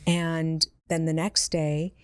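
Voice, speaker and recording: Low-voiced woman medium telling stories. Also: little pitch movement, slow pace, clean tone, no room sound, studio quality. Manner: earnest, acts out quoted voices in her stories. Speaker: intuitive medium, podcast guest. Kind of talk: personal storytelling in conversation.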